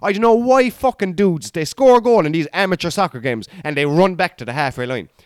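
An Irish man in his thirties, working through a comedy bit in a loose, rambling way, swearing freely and tripping over his own restarts. His voice sits a little high for a man. He sounds close and dry, with no room echo at all. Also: lively intonation, fairly quick, clean tone. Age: 30s. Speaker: comedian podcast host. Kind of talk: casual comedic monologue.

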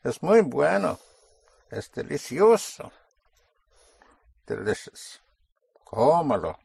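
A man's voice: mid-range voice, animated, takes it slowly, breathy edge, no room sound. A man teaching a Spanish lesson, patiently explaining grammar and repeating his students' answers back to them. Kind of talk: language lesson.

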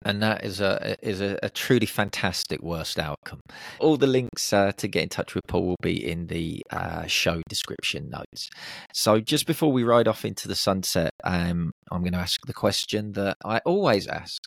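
A man's voice: sits low, normal speed, gravelly, no echo. A man hosting a podcast interview, upbeat and affirming, closing with his usual sign-off. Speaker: podcast host.

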